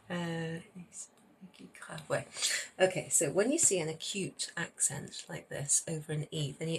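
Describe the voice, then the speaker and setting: A woman's voice: fairly low pitch, bright, forceful tone, slight background noise. A woman teaching a French lesson, reading a French text aloud and then explaining its words and pronunciation in English.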